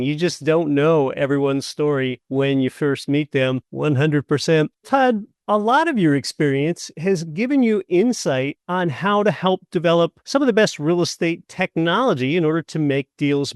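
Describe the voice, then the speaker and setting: Man hosting a podcast, brisk. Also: fairly high pitch, clean tone, no room sound. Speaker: podcast host. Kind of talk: podcast interview.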